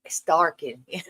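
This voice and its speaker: A woman's voice: bright, forceful tone, no room sound. A woman hosting a casual live stream, greeting viewers in a sassy, profane, playful way. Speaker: livestream host. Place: dark room at home.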